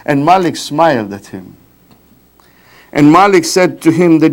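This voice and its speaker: A man giving a religious talk at a mourning gathering, telling a story with lively pacing and frequent tag questions like "right?". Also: fairly high pitch, unhurried, pauses often. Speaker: majlis speaker. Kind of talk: storytelling sermon.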